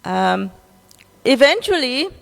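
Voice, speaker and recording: Slow South African woman teaching scripture. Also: high voice, big pitch swings, creaky, fairly bright tone, in a large hall. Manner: checks in with listeners, asking "right?" after each point. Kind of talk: storytelling scripture lesson.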